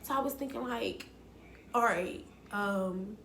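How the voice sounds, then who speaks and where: A woman's voice: mid-range voice, slow, creaky, fairly bright tone, slight background noise. Young woman, candid and profane, talks straight to viewers, roomy echo. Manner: blunt and emotional, swears freely, addresses viewers as y'all. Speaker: vlogger. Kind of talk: candid storytelling to camera.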